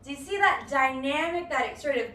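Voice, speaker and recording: A woman's voice: high-pitched, lively intonation, a little fast, pushed and bright, recorded from a distance, a little hiss or hum. A woman teaching a live-streamed dance lesson, counting beats aloud in a playful, encouraging way. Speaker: dance instructor. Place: home or studio room. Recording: echoey room, voice from afar.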